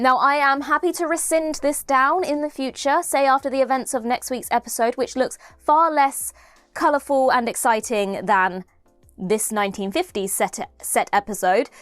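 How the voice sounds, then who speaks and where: Bright-voiced woman reviewing TV, chatty. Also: high voice, normal speed, dry recording, faint music behind. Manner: enthusiastic, chatty, frequent self-corrections. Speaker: TV episode reviewer. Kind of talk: casual spoken review.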